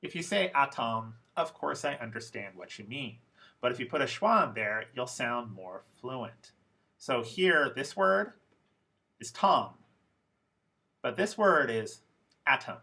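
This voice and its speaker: A man teaching English pronunciation in a lecture, speaking deliberately and repeating example words slowly for learners. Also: mid-range voice, very animated, gravelly, pushed and bright. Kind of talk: recorded classroom lecture.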